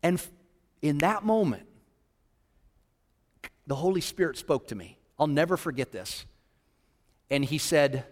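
A man with a high, bright speaking voice preaches a story from his own life. He is animated and dramatic, swinging his pitch when he acts out what others said. The sound rings with the long reverb of a large hall. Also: measured pace, pauses often. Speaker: children's ministry leader. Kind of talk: sermon storytelling.

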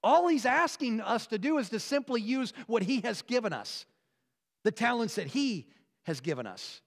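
A man preaching a sermon as a pastor, earnest, moving between emphatic, rising passages and quiet, hushed ones. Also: very high voice, very animated, moderate pace, vocal fry. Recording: long reverb of a large hall.

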